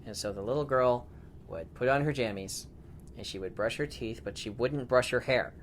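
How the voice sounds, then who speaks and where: A father telling a playful bedtime story to his daughter, laughing often and shouting the robbers' lines. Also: mid-range voice, moderate pace, a little hiss or hum. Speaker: storyteller dad.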